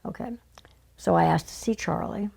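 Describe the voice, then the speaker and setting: An older woman telling stories as an interview guest, animated and conversational. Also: mid-range voice, normal speed, creaky, breathy edge. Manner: animated, conversational, acts out remembered exchanges. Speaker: guest, former casting director. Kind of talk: storytelling in conversation.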